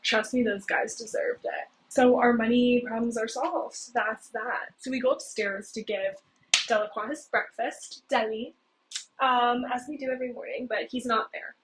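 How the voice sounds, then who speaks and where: Young woman host, slightly high voice, chatty recap delivery, noisy hissy home mic. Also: steady tone, moderate pace. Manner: chatty, heavy use of "like" and "okay?". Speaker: video host. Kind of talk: casual plot recap. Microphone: cheap home mic. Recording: noisy low-quality home mic with clicks.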